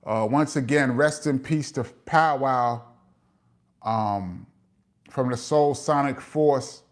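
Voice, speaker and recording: A middle-aged man with a New York accent hosts a casual live chat, reading viewer comments aloud and giving long-winded shout-outs. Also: mid-range voice, slow pace. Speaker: host of a live chat show.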